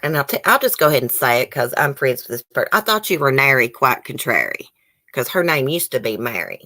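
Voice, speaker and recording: Woman, low voice, casual stream host, chatty, reads comments aloud. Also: sing-song, a little fast, bright, forceful tone. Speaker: YouTube host. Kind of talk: casual live-stream chat.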